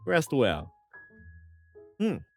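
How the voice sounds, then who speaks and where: Male streamer, playful and chuckly, bouncy pitch, light music bed. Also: huge pitch swings, extremely slow, vocal fry. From Philippines. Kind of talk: casual live-stream chat, reading comments aloud.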